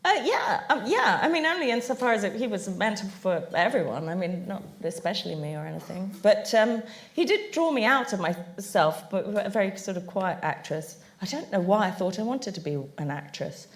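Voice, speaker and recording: A woman's voice: medium pitch, big pitch swings, brisk, hardly any pauses. A woman on a panel, telling anecdotes and laughing often as she talks. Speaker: panel guest. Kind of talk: anecdotal storytelling on stage. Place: public venue.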